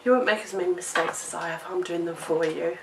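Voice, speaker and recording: Her voice is lowish and steady, and she talks fast. A woman presenting a craft tutorial chats while making cards, breathless and coughing, poking fun at her own mistakes. It's recorded in an echoey room with a distant mic and a noisy background.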